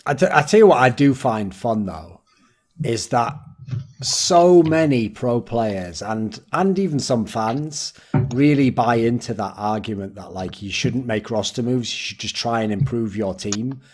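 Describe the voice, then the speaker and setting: This man's mid-range, unhurried voice carries a breathy edge as he hosts a laid-back esports round-table. He spins animated stories with quoted voices amid boastful, profane banter.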